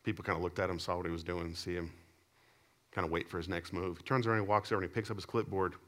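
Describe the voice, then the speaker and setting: A man preaching a sermon to his congregation. He tells stories animatedly, swinging between loud emphatic lines and low, quiet asides. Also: fairly even intonation, quick pace. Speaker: pastor. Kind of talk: sermon with storytelling.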